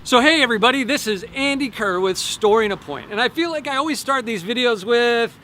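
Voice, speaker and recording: A man, a life coach, telling an animated, folksy story to camera outdoors and drawing a lesson from it. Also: very high voice, brisk, slight background noise. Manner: animated, folksy, with repeated phrases.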